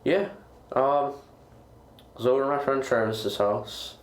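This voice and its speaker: A man chatting as a podcast guest, talking in a rambling, halting way with frequent restarts. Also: mid-range voice, reverberant. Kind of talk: casual chat.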